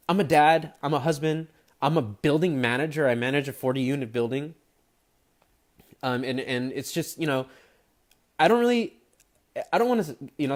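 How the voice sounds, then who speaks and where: A man in his thirties speaks to camera in a personal monologue. He is candid and emotional, looping back with fillers and restarts, and his pitch sits in an ordinary middle range. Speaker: ecommerce channel host.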